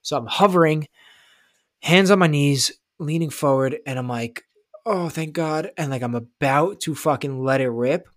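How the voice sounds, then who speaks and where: Male co-host, casual podcast chat, profane and animated, mid-pitched, dry close sound. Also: moderate pace, no room sound. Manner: profane, animated, rambling, acts out quotes loudly.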